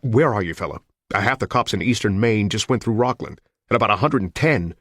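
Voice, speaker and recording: A male narrator voicing an excitable, businesslike male newsroom man who gets loud and high. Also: brisk, no room sound, clean studio sound. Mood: excited.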